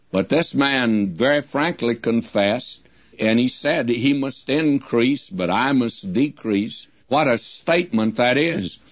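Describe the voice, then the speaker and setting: Slow-preaching older man on old radio. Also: mid-range voice, no echo. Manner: slow, deliberate, emphatic preaching. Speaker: radio Bible teacher. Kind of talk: radio sermon. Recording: dull lo-fi dry radio recording.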